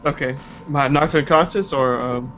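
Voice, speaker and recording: A man taking part as a player in a tabletop game, asking casual, halting questions. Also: fairly high pitch, fairly bright tone, slight background noise.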